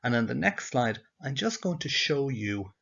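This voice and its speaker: A male teacher talks through a slide-based language lesson at a middle pitch, patient and methodical. He keeps checking in with the learner between examples. The audio sounds dull and lo-fi. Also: sing-song, moderate pace, gravelly, a bit bright. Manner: patient, explains step by step with questions to the learner.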